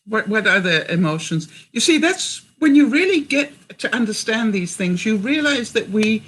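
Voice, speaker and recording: On her livestream, an older vlogger from Canada talks in a medium-pitched, fairly bright voice. She goes through comments from viewers and uses questions to coach the people watching.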